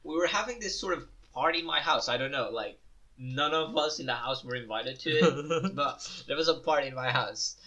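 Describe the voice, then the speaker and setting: Young guy on a podcast, laughing and swearing through stories, bright tone, kinda muffled lo-fi audio. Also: medium pitch, animated, normal speed. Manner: laughs often, swears, tells anecdotes with loud put-on voices. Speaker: podcast co-host. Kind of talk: casual chat. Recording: dull lo-fi sound.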